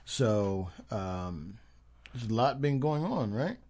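A man's voice: on the low side, big pitch swings, slow pace, darkish tone. A man co-hosting a casual podcast, rambling with many ums and teasing his partner. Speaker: podcast co-host.

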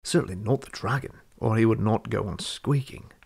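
A man's voice: lowish voice, normal speed, creaky, a little mellow, husky, heavily acted. A man voicing a stern, commanding male dwarf leader in a storybook reading, brusque and giving orders.

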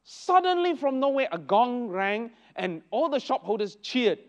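A man leads a church Bible lesson, telling anecdotes with bursts of exclamation. His voice sits high and leaps around expressively. The recording sounds dull and lo-fi. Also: a little slow. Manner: animated storytelling with exclamations. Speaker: Sunday school teacher.

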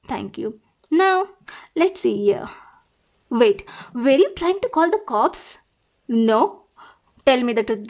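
A young woman voicing an obsessive, sweetly possessive stalker girl in a whispered role-play, coaxing and softly menacing. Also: a little high. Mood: suspicious. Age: young adult. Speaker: roleplay performer.

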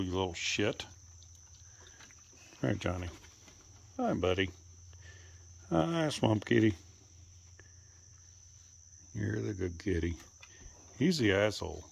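A man talking to his animals outdoors, coaxing and teasing them, sometimes cussing and calling out in a high voice. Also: lively intonation, takes it slowly, vocal fry, pauses often, breathy edge. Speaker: animal keeper filming his pets. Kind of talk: casual running commentary to animals. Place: outdoors, rural.

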